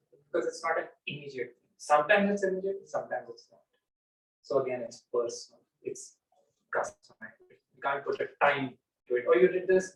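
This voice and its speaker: A man with a fairly high voice gives an informal talk to a small audience. He tells stories with animated energy and acts out his examples. The sound is roomy and echoey, caught from some distance off the mic. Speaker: speaker leading a spiritual talk. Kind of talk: informal lecture with audience questions.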